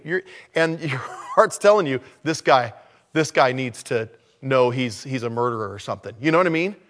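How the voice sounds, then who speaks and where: A man with a somewhat high voice delivers a conversational sermon. He talks casually, slipping into quiet asides before he swells into loud, drawn-out lines for emphasis. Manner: conversational preaching, swings between low murmurs and loud emphatic lines. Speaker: preacher. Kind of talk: sermon on evangelism.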